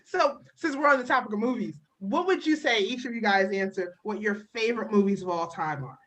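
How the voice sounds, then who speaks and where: A woman co-hosting a casual interview, upbeat and quick to jump in. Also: medium pitch, animated, fairly bright tone. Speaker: co-host. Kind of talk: casual chat.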